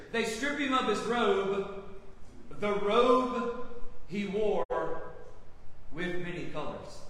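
A man's voice: high-pitched, fairly bright tone. A man preaching an expository sermon, asking his congregation rhetorical questions. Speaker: pastor. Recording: echoey hall from far off, faint hiss.

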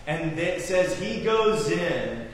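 A middle-aged man preaching a sermon, acting out quotes and swinging from loud to hushed. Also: sits high, very animated, takes it slowly, slight background noise. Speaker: pastor. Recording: echoey hall, voice from far off.

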